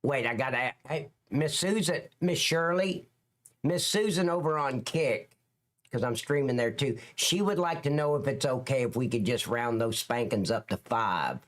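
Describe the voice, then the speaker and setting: A man's voice: medium pitch, normal speed, fairly bright tone. A man with a Southern Alabama accent, hosting a livestream in a joking, rambling way and talking to his chat viewers by name. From lower Alabama, US. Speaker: livestream host.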